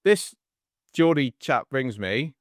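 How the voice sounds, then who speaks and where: A man in his forties hosting a casual podcast chat, telling stories in an animated way and acting out the people in them. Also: mid-range voice, takes it slowly, no room sound, studio quality. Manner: animated storyteller, acts out the voices in his stories. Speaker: podcast host and coach.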